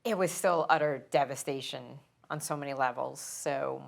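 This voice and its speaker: A middle-aged woman firefighter from New York, recounting her memories in an earnest, emotional, halting way during an interview. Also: a bass voice, gravelly. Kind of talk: interview, personal recollection.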